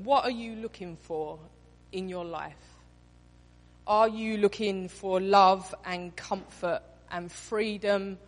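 Woman preaching in an echoing hall. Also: mid-range voice. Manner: expressive, acts out quotes in voices. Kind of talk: sermon. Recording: reverberant hall.

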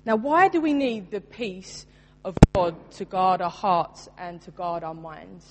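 A woman's voice: fairly low pitch, unhurried, heavy background noise. A woman in her thirties preaching a sermon, earnest and emphatic, mixing scripture with her own story. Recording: long reverb in a large room.

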